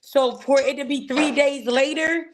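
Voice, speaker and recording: A woman, a guest telling an emotional personal story in an animated way, acting out the voices she quotes. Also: sits high, a little slow, slight background noise.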